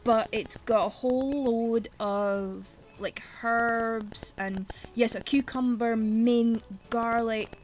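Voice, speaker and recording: A Scottish woman chats casually while streaming a game, blunt and quick to swear. Her voice sits a little high, and soft game music plays underneath. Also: steady tone, rough recording. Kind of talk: casual chat while gaming.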